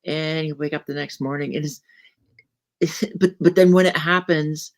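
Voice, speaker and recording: A woman's voice: low-pitched, steady tone, moderate pace. A woman guest in casual chat, earnest and repeating words as she thinks. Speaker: co-author guest.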